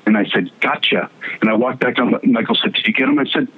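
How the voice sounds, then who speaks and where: A man telling a long anecdote as an interview guest, animated, acting out quoted voices, with many restarts. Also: medium pitch, quick pace, husky. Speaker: TV producer and guest. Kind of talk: storytelling in conversation. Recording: tinny phone-like line.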